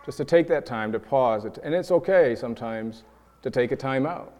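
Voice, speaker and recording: Male preacher from New York, mid-range voice, lively sermon delivery, acts out quoted voices, large reverberant hall. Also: mid-range voice, normal speed. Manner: animated, acts out quoted voices, repeats words when building a point.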